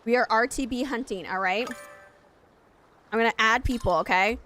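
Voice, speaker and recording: Chatty young woman streamer, slightly high voice. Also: moderate pace, a bit bright, soft background music. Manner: chatty and rambling, talks straight to viewers. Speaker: game streamer. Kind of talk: casual live-stream chat.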